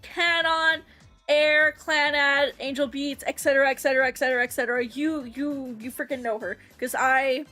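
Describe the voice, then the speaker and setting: A woman streamer chatting casually to her livestream audience, animated and excitable, swearing freely and laughing often. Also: sits high, a little fast, hardly any pauses, soft background music. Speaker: VTuber streamer.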